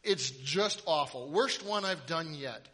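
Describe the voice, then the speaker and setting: A male preacher delivers a sermon, moving from humorous stories into his message. His voice is high and bright, and he speaks at an unhurried pace. A long hall reverb hangs on every word. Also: animated, a little hiss or hum. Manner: humorous storytelling.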